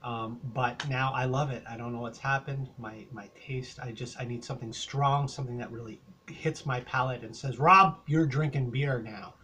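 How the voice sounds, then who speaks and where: Older Canadian man who vlogs beer reviews; rambling, hesitant delivery, middle pitch, with slight noise in the background. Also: fairly even intonation, normal speed, a bit bright. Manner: rambling, hesitant, many fillers.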